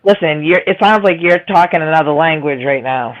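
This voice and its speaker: A woman with a Boston accent and a raspy, nasal voice, rambling in casual chat. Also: deep voice, a little fast, muffled recording. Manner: rambling, self-deprecating, laughs often. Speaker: livestream guest.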